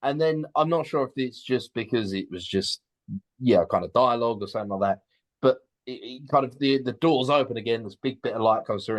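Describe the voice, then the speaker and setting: A young man co-hosting a podcast in casual chat, halting and repeating words, often laughing. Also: on the low side. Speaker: podcast co-host.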